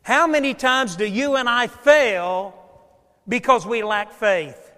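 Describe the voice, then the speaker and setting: A male pastor preaching a sermon, swinging between loud emphatic lines and hushed, quiet asides. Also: extremely high pitch, slow. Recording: long hall reverb.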